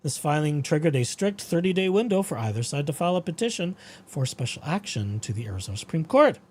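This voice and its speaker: Speaking at a quick pace in a voice that's a little high, a male podcast host runs a casual talk show. He rambles, animatedly quotes his dreams and reads legal updates aloud.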